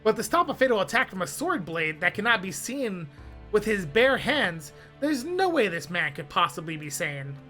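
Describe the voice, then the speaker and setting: A woman reads a visual novel aloud on her stream, her bright voice leaping all over the scale. She keeps slipping into playful asides and jokes between passages. Soft music runs faintly underneath. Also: medium pitch, normal speed. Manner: animated, breaks off with laughs and asides. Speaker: streamer and narrator.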